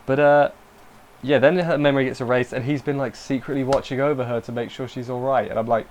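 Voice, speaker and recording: A man's voice: mid-range voice, level tone, brisk. A young man giving a casual spoken review of an anime episode, rambling and breaking off mid-sentence with emotional asides.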